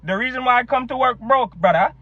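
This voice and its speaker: A man's voice: very high voice, fast, muffled recording. A man voicing a joking, stubborn male coworker with a Jamaican accent who keeps calling people brother. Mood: insistent. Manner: teasing, insistent, calls everyone brother.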